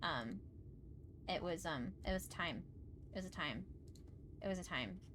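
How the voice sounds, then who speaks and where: A woman streaming a video game, chatting casually, repeating herself and breaking into excited squeals. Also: fairly low pitch, unhurried, noisy background. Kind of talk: casual gameplay livestream chat.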